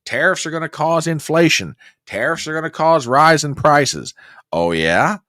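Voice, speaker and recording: A man hosting a political commentary show, talking in an animated, exclamatory and mocking way. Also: a little high, normal speed, no room sound, studio quality. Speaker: host.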